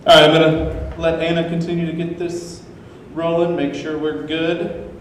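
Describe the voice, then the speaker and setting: A man's voice: on the high side, fairly even intonation, normal speed. A man hosting a live event, giving upbeat, joking welcome remarks and house rules to an audience. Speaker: event host. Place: large open ground-floor hall. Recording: echoey hall, mic far off, faint room noise.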